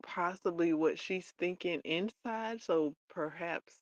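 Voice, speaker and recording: Slow-talking woman chatting about a book. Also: on the low side, no room sound, muffled recording. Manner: chatty, retells scenes in her own words with playful asides. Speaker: livestream host. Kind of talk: casual book chat.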